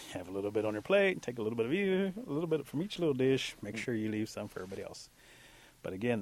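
A man telling a traditional animal story in a relaxed, unhurried, folksy way. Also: fairly low pitch, creaky, no room sound.

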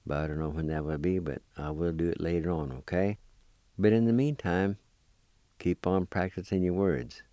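A man teaching vocabulary, patiently spelling each word letter by letter and repeating it slowly. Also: low voice, steady tone, dark tone, no room sound, studio quality. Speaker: language teacher. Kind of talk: slow spelling and pronunciation lesson.

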